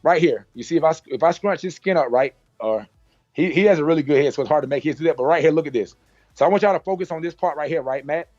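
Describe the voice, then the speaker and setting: A man with a slightly high voice leads a hands-on haircutting class in a salon. He talks through each move with repeated cues like "watch this." The sound is dull and lo-fi. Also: fast, darkish tone, faint music behind. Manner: demonstrative, repetitive cues, playful sound effects. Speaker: barber educator.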